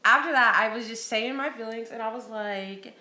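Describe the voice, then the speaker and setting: A woman's voice: a little high, moderate pace, bright, forceful tone. A woman in her twenties telling a story in casual chat as a podcast co-host, blunt and profane. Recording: echoey room.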